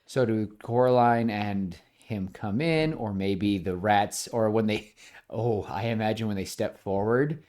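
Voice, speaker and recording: Animated man pitching ideas. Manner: animated, acts out scenes with quick voices; frequent fillers like "like". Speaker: podcast co-host. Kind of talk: casual pitch-meeting chat.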